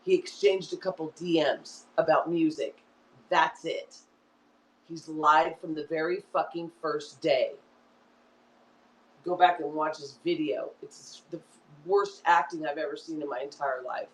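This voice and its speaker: A woman's voice: low-pitched, fairly even intonation, a little slow, reverberant, distant mic, poor audio. A woman in her fifties hosting a livestream, ranting angrily and repeating herself, swearing often. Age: 50s. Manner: angry, repetitive, swearing. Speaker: online show host. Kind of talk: emotional livestream rant.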